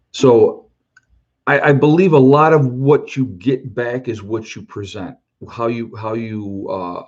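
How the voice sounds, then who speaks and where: Man, from New York, lowish voice, earnest, plain-spoken, rambling, muffled lo-fi sound. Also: a little mellow. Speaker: vlogger on a motorcycle trip. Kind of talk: casual opinion monologue.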